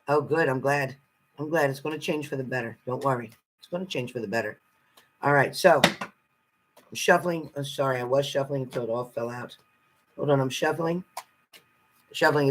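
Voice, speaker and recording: A woman's voice: sits low, a little hiss or hum, poor audio. A woman giving a casual live-stream tarot card reading, chatty and salty, greeting viewers fondly and swearing freely.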